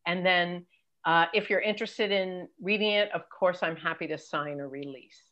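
An older woman with a fairly low voice gives brisk, emphatic career advice over a dull, lo-fi video call. She is direct and practical. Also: bright, forceful tone. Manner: brisk, emphatic, mimics pitch emails. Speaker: career coach and guest expert. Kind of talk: advice in an interview.

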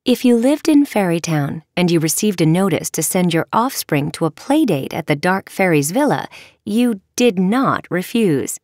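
A woman narrating a children's audiobook with expressive, measured storytelling. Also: on the low side, no room sound, clean studio sound. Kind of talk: scripted narration.

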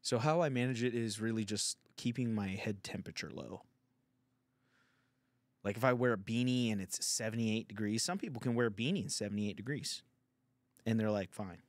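A man's voice: on the low side, fairly quick, dry recording. A man hosting a podcast, riffing in a crude, rambling, irreverent comedic monologue. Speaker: podcast host.

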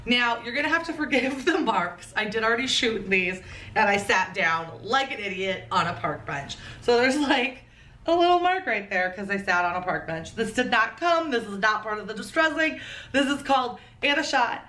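A fashion vlogger chats casually through a try-on haul, gushing and playful with jokey asides. Her slightly high voice is expressive, bright and pushed, at a normal speed. The recording has roomy echo and she's a bit far from the mic.

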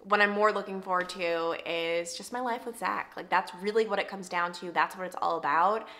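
A young woman from Long Island, New York, chatting casually to camera in a vlog, her voice worn hoarse, full of "like" fillers. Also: fairly low pitch, normal speed, a bit bright. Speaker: lifestyle vlogger. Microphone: camera mic, sitting at camera.

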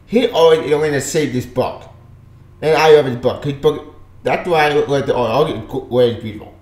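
A man reviewing a comic book in a frustrated, exasperated rant, breaking into sudden loud outbursts. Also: mid-range voice, a little fast. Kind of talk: ranting video review. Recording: echoey room.

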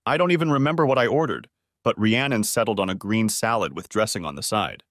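A man's voice: lowish voice, expressive, fast, a bit bright, no echo, clean studio sound. A man narrating a first-person story in an earnest audiobook style.

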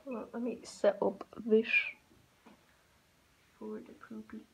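A woman's voice: a little high, level tone, takes it slowly, lo-fi sound. A woman chatting casually to her viewers in a vlog, rambling and saying "like" a lot. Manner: rambling, says "like" often. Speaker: vlogger. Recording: loud background noise.

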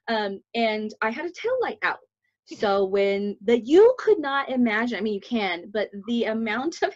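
Young american woman cussing her way through podcast stories, slightly high voice, muffled audio. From United States. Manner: blunt, profane storytelling. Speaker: podcast host. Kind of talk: casual podcast chat. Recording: dull lo-fi sound.

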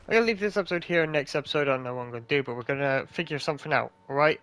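A man's voice: a little high, racing, a bit bright, clean tone. A man hosting a gaming channel, swearing a lot and ranting angrily as he plays. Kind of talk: gameplay commentary.

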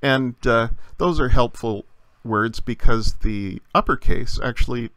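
A man teaching a recorded language lesson, explaining patiently with frequent pauses and fillers. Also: mid-range voice, a bit bright, dry recording.

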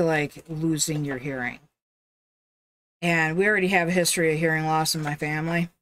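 A woman's voice: fairly low pitch, a little hiss or hum. A woman streaming live, chatting casually with viewers and cooing baby talk at her dog. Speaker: game streamer.

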